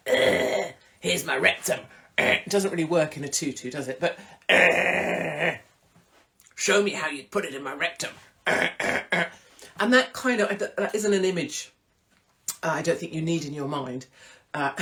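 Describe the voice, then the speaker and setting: A woman hosting a casual live-stream chat, irreverent and theatrical, breaking into sudden high exclamations. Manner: swings into big high exclamations. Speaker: host.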